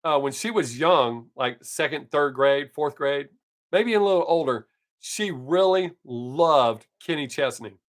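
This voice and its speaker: A man's voice: fairly high pitch, lively intonation, measured pace. A man in his fifties, a comic chatting casually on his live stream, rambling and joking crudely, with a slight scratch in his voice. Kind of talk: casual chat.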